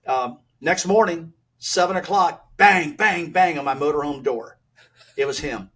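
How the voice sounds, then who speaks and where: An older man, a retired race driver, telling animated stories as a podcast guest and acting out old exchanges in a blunt, folksy way. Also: on the high side, unhurried, husky. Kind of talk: animated storytelling.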